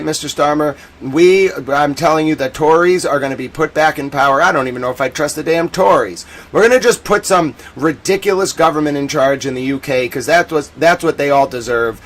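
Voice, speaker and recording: A chatty American man rambles through his live-stream commentary in a voice of ordinary pitch. His talk is loose and full of slang, and now and then it flares into loud indignation. A faint hum sits behind him. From United States.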